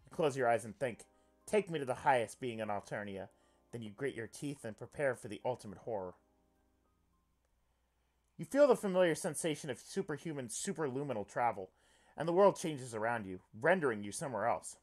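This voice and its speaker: Man, let's player, reads game narration, excitable swearing reactions, lively swings in pitch, faint game music behind. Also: a little fast. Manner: animated and excitable, swears freely. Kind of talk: reading game text aloud with reactions.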